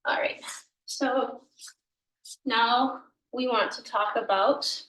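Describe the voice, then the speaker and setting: A woman teaching a language lesson at an unhurried pace, sounding out each word slowly and patiently and correcting herself as she goes. Her voice sits a little high. The recording is roomy and echoey, with her voice set back a little from the mic. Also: fairly even intonation, fairly bright tone, distant mic. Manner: patient, slow, sounding out words, self-correcting. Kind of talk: explaining grammar in a recorded lesson. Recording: echoey room, voice a bit off mic.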